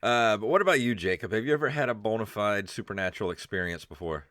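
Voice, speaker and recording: A man's voice: fairly low pitch, animated, fast talker, a bit bright. A man hosting a casual comedy podcast, rambling with fillers and laughing often. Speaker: podcast co-host.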